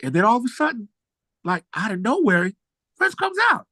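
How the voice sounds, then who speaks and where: A man who is a musician guest, telling stories in a relaxed, slangy way and jumping high in pitch when excited. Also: moderate pace, slightly rough, no echo. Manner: animated storyteller, jumps high when excited. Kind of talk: casual storytelling interview.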